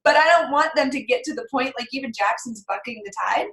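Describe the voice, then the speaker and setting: A woman in her thirties chatting casually on a group call, telling stories with lively quoted dialogue. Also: sits high, a little fast, roomy sound, rough recording. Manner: chatty, animated storytelling with acted quotes. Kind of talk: casual chat.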